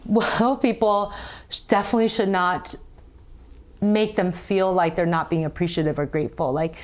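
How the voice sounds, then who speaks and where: A woman's voice: medium pitch, expressive, a little fast. A woman psychologist, a guest expert, explaining in an earnest, emphatic conversational style, step by step.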